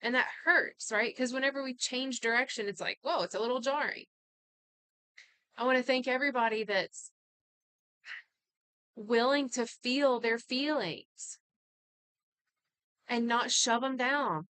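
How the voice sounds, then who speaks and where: A woman's voice: a little high, unhurried, pauses often, bright, forceful tone, smooth, dry recording. A woman giving an earnest, casual talk on healing and inherited patterns, full of conversational asides.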